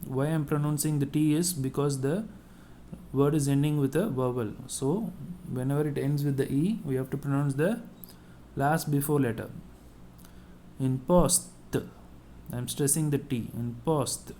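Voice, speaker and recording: A man's voice: mid-range voice, moderate pace, warm tone, a little hiss or hum. A man teaching a French lesson to school pupils, repeating each word several times and explaining patiently. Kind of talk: online classroom lesson.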